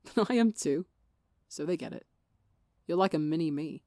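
A woman with a slightly gravelly voice, reading the lines of a relaxed young man who teases his younger friend. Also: deep voice, normal speed, no room sound, studio quality. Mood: teasing. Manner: teasing and relaxed. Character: teasing, easygoing young man, warm older-brother type.

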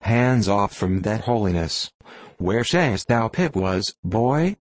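A ranting old sea captain, obsessed and grand, as voiced by a man reading aloud. He declaims in archaic phrases, low and slow. The sound is close and dry. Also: animated, no echo. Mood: stern.

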